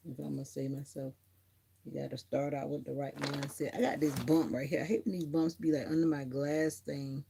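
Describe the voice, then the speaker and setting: A woman's voice: low-pitched, little pitch movement, normal speed, creaky, warm tone, a little hiss or hum. A woman hosting a casual livestream, rambling and chatty as she grooms her dog. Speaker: livestream host. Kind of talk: casual chat.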